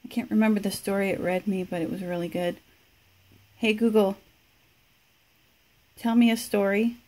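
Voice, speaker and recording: A woman's voice: medium pitch, fairly even intonation, moderate pace, dark tone. A woman casually reviewing a smart speaker at home, chatty, laughing and talking back to the device. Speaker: product reviewer.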